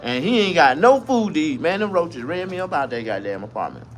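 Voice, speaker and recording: A man telling a comic story in a profane, rambling, animated way. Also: a little high, fairly quick, soft background music.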